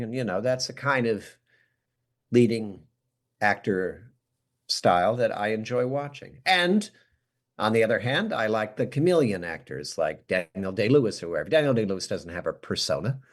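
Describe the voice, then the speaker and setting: A man guesting on a podcast, chatting casually and telling self-deprecating stories with an American accent. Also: fairly low pitch. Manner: animated, self-deprecating storyteller who acts out quotes. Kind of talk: casual interview chat.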